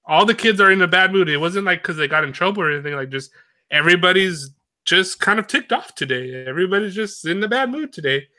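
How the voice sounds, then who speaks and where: A young man chatting casually, rambling through his thoughts with many fillers and frequent laughs. His voice sits a little high for a man and sounds bright and forceful. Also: lively intonation, fast talker. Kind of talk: casual chat.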